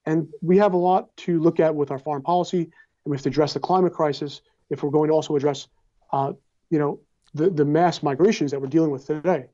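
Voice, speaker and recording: Young male political candidate with a mellow, slightly high voice who delivers earnest, stump-speech answers; lo-fi sound. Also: fairly even intonation, quick pace. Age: young adult. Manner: earnest, speechlike, with repeated phrases. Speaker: congressional candidate. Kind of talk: campaign interview answers. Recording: slightly dull lo-fi audio.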